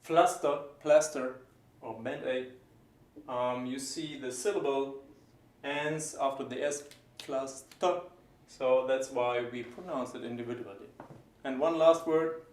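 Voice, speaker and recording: Slow, explanatory male language teacher. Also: medium pitch, echoey room. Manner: explanatory, repeats example words slowly. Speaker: German teacher. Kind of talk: pronunciation lesson.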